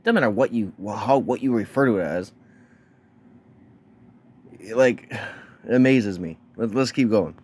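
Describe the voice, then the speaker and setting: A man's voice: on the low side, a little slow, long pauses, a little mellow, breathy edge. A man hosting a casual reaction video, mocking and crude, tripping over repeated words as he rants.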